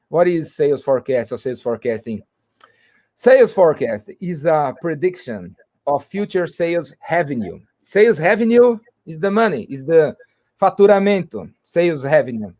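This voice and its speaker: A man explains a business topic, stopping and restarting his phrases often. His voice sits a little high for a man. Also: darkish tone. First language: Portuguese. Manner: halting, with frequent restarts and fillers. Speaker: guest speaker. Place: video call.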